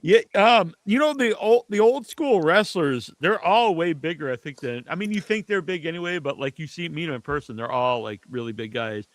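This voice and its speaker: A man hosting a podcast, easygoing and quick to laugh, asking loose rambling questions. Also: on the high side, expressive, no echo. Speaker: podcast host. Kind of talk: casual podcast chat.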